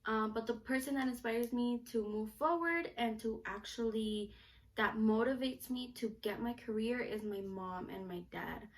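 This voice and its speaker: Young female vlogger, slightly high voice, chatty and animated, casual storytelling to camera. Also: normal speed. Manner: chatty, animated, lots of filler "like".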